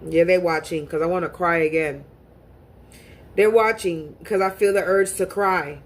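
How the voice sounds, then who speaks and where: A woman's voice: lowish voice, steady tone, moderate pace. A woman speaking to camera in a casual monologue as a spiritual reader, talking bluntly and profanely and often repeating words as she restarts.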